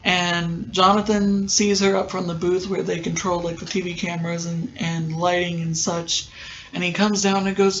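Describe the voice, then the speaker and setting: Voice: mid-range voice, level tone, measured pace, a bit bright, dull audio. Rambling podcast host recapping an episode. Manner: rambling, many filler ums.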